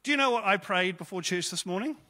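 Bright-voiced chatty preacher in a hall. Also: male voice, high voice, expressive, quick pace, slight background noise. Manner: chatty, jokey, conversational preaching. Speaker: pastor. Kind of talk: casual sermon. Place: church hall. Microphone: stage microphone. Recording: echoey church hall.

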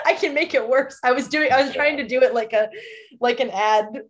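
A woman's voice: high voice, expressive, moderate pace. A young woman co-hosting a podcast in casual chat, laughing often and restarting her sentences. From lives in the Canadian Maritimes. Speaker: podcast co-host.

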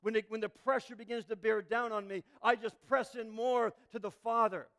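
A male pastor preaching a sermon with passion, building to emphatic peaks and dropping to a near hush. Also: high voice, steady tone, moderate pace.

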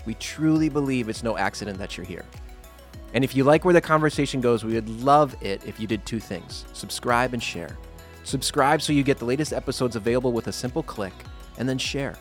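A man's voice: mid-range voice, brisk, soft background music. A man co-hosting a casual faith podcast, upbeat and playful, prone to tangents. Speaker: podcast co-host.

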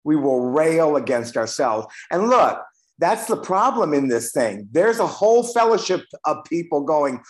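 A man's voice: a little high, sing-song, measured pace. Candid older man sharing in a meeting. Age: 60s. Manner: candid, profane, self-deprecating. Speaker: recovery meeting member sharing. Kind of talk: reading aloud and personal sharing.

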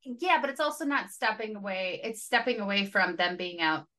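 A woman's voice: mid-range voice, expressive, normal speed, sharp tone. A woman co-hosting a podcast about a TV series. She chats about episodes with enthusiasm and laughs often. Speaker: podcast co-host. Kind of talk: casual pop-culture recap chat.

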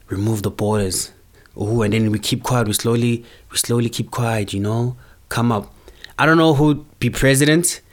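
Young male podcaster from South Africa; loose, slangy, animated monologue. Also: medium pitch, normal speed. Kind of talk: casual monologue.

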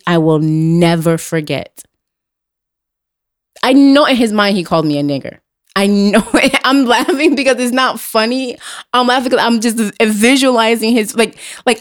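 A young adult woman speaks as a podcast host in an unscripted, blunt way, hammering home her points with repetition and casual profanity. Her voice sits at an ordinary middle pitch, and her delivery stays conversational. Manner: blunt, emphatic, profane, repeats herself. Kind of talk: casual chat.

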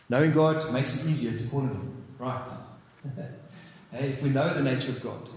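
A man's voice: medium pitch, moderate pace, a little mellow, a little hiss or hum. Man preaching in echoey hall. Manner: earnest, repeats phrases, rises to fervent exclamations. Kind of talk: sermon. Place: church hall. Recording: echoey hall with long reverb.

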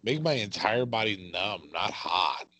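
A man's voice: fairly low pitch, expressive, a little slow, bright, forceful tone, no echo. A man co-hosting a casual wrestling watch-along podcast, reacting with exclamations. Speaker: podcast co-host.

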